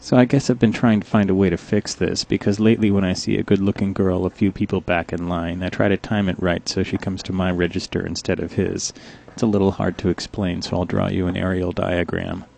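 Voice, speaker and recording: A young man narrating a comic story in a deadpan, dryly complaining way, telling it as a coffee shop cashier. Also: low voice, a little fast, vocal fry, slight background noise.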